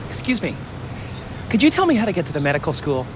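A man's voice: high voice, wildly swooping pitch, quick pace. An actor playing a dim-witted young male limo driver who chatters in a chirpy, giggly, clueless way. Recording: film clip with street traffic noise.

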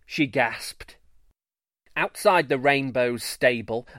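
A man hosting a children's story show, giving scripted narration in a playful, expressive way. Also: on the high side, no echo, studio quality. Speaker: storyteller host.

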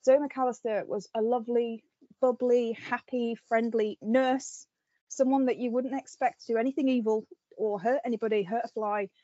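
Woman, podcast host, casual chat, animated, filler-heavy, dry, dull lo-fi. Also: on the high side, normal speed, no echo. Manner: animated storytelling with lots of fillers.

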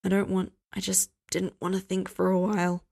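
A woman's voice: medium pitch, monotone, moderate pace, creaky, warm tone. A woman voicing a fragile young man in a storybook. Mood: withdrawn.

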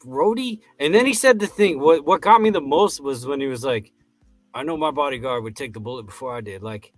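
A man's voice: medium pitch, expressive, brisk, dry recording. Man co-hosting a podcast, faint music. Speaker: podcast co-host. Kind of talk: casual recap chat.

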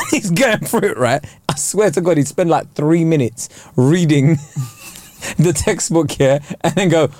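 A man's voice: fairly high pitch, darkish tone, dry recording, clean studio sound. A man, telling laughing anecdotes in casual podcast chat. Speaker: podcast co-host.

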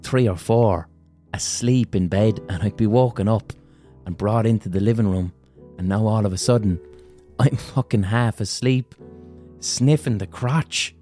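A man's voice: lowish voice, dark tone. A man, hosting a podcast and telling a crude comic story in a rambling, self-amused way. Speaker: podcast host.

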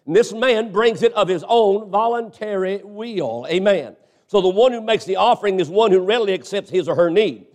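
A male pastor preaching a sermon, punctuating points with frequent amens and questions to the congregation. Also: sits high.

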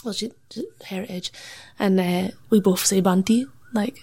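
Chatty creaky-voiced woman musician. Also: mid-range voice, steady tone, moderate pace, a little mellow. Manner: chatty, laughs often, says "like" a lot; acts out other people's lines in quoted voices. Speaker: musician and MC, podcast guest. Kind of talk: casual interview chat.

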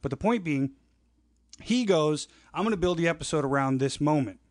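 A man telling show-business stories in a casual chat, animated, acting out quoted voices and swearing freely. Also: on the high side, normal speed, dry recording, clean studio sound.

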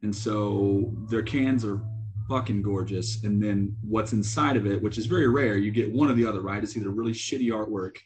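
A man with a slightly low voice talks in a loose, easygoing way as a podcast guest. He drops casual swear words as he goes. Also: moderate pace. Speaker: guest from a beer distributor. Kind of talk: casual chat.

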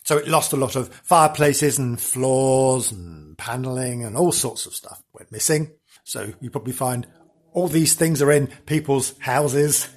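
A man hosting a podcast, telling a comic history story in a theatrical, gushing way full of exclamations and jokes. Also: medium pitch. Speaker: podcast host.

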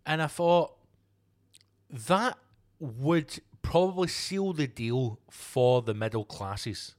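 A man hosting a solo podcast, ranting with heavy swearing and sarcasm, jumping between loud outbursts and low muttered asides. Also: expressive, slow pace. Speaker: podcast host.

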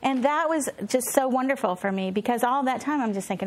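A woman's voice: high voice, brisk. Earnest rambling woman giving a conference talk. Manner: earnest, self-deprecating, rambling with restarts. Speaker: conference speaker and homeschooling mother. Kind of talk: conference talk and read-aloud. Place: conference session.

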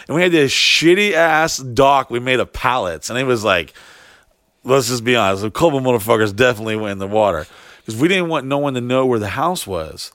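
A man's voice: mid-range voice, animated, a little fast, a bit bright, no echo, studio quality. A man in his thirties telling a long party story in casual chat, rambling and swearing a lot. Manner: rambling, profane, heavy use of "like". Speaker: podcast guest telling a story.

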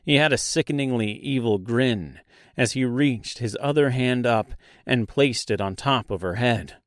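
A man narrating a dark fantasy audiobook in a slow, deliberate storytelling manner. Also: mid-range voice, no echo, studio quality.

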